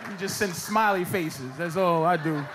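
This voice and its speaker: Ranting stand-up comic, high-pitched man. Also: moderate pace. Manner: loud, ranting delivery with shouted bursts. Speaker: stand-up comedian. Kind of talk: stand-up comedy set. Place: comedy stage before a live audience. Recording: live show with loud crowd noise. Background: audience laughter.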